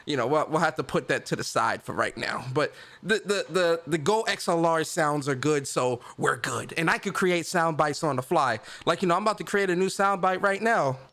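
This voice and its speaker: A man hosts a gaming livestream in loose, slangy chat. He laughs often as he talks. His voice sits a little high for a man. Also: animated, normal speed, few pauses, a bit bright. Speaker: livestream host.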